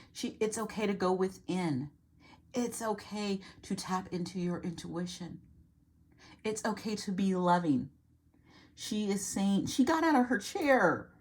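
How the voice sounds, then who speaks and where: A woman's voice: on the low side, a little mellow. A woman giving an earnest, reassuring tarot reading to camera, repeating phrases and trailing off mid-sentence. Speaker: tarot reader.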